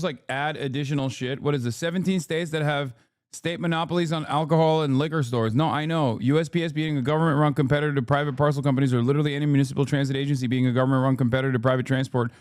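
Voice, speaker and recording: A man's medium-pitched voice comes through on a dry, studio-quality recording as he streams reactions to news clips. It's casual, profane commentary, thick with swearing and heated rhetorical questions.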